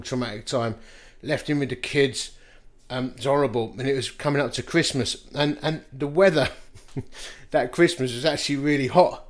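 Preaching at a brisk clip, this fifties-aged pastor has a slightly high voice. He laughs softly through self-mocking anecdotes.

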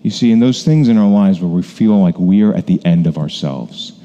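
Mellow-voiced man preaching casually. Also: low-pitched, expressive, fairly quick, muffled recording. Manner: conversational, lots of fillers and asides. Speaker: pastor. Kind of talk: casual sermon.

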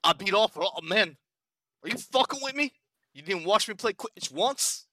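A man putting on a New Zealand accent to voice a brash, foul-mouthed young male Quidditch player who shouts aggressively. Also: high-pitched, lively intonation, normal speed, dry recording, studio quality, voice pushed up. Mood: mocking outrage. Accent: put-on New Zealand.

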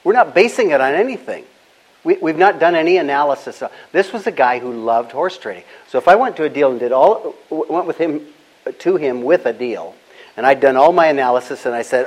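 An older man, a business founder, answering interview questions in a calm, measured way and illustrating his points with stories. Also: a little high, rough recording.

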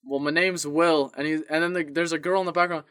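A man's voice: on the high side, steady tone, fast talker, fairly bright tone, no room sound, studio quality. A young man on a podcast telling a rambling story about wrong-number phone calls, acting out both sides of each call. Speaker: podcast co-host. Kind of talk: casual storytelling.

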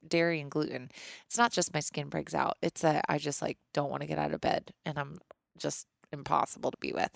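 Woman podcast host, thirties, lowish voice, dry close sound, chatty and rambling. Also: gravelly, no room sound. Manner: candid, rambling, frequent restarts. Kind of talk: casual chat answering listener questions.

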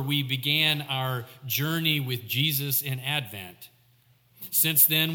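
A man preaching a sermon in a church, measured and reflective, slowing down for emphasis. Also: mid-range voice, bright, forceful tone, long reverb tail. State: coughing, clearing throat.

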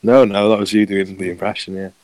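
A man's voice: low-pitched, level tone, fast, darkish tone, no echo. A man co-hosting a podcast in casual chat, laughing often and correcting himself mid-sentence. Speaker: podcast co-host.

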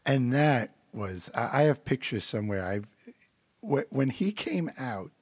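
A man chatting casually as a guest, who often clears his throat and swears. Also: mid-range voice, sing-song, unhurried, darkish tone, no echo. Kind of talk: casual chat.

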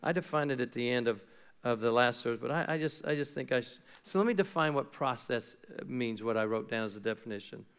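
A man's voice: medium pitch, lively intonation, fast, fairly bright tone, clear, resonant tone. A middle-aged man preaching a sermon as pastor, talking conversationally and acting out little dialogues.

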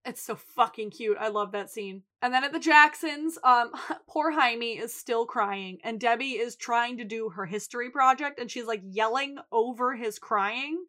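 A woman's voice: a little high, a little slow, hardly any pauses. A woman co-hosting a podcast, casually recapping a TV episode and acting out the characters' lines with plenty of swearing. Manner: animated retelling with quoted lines and swearing. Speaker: podcast co-host.

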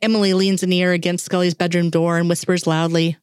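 A woman reading fan fiction aloud in a steady, unhurried way. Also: fairly low pitch, no room sound, clean studio sound. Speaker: reader.

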